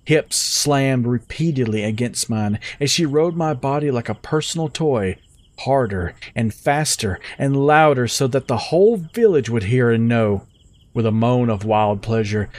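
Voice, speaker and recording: Steady male audio-story narrator. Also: mid-range voice. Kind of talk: scripted first-person narration.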